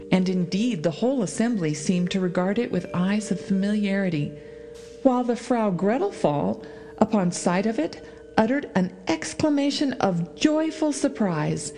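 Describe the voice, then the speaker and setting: A woman reads a story aloud with a mellow, warm tone. Her narration is expressive and paced with dramatic pauses, in the manner of an audiobook reader. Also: mid-range voice. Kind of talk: scripted narration.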